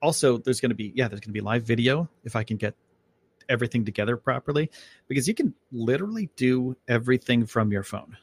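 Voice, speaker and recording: A man with a gravelly, creaky voice hosts a casual live podcast from home. He rambles in a loose, chatty way, full of "like" and "um", at an ordinary pitch. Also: expressive, fast talker. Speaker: podcast host.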